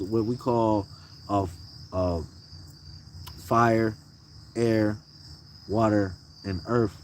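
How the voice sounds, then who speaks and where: A young man talking casually on his own channel, relaxed and slangy, pausing often with restarts. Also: mid-range voice, a little hiss or hum. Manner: laid-back, slangy, laughs often, many restarts. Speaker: spiritual vlogger. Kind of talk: casual chat and spiritual talk.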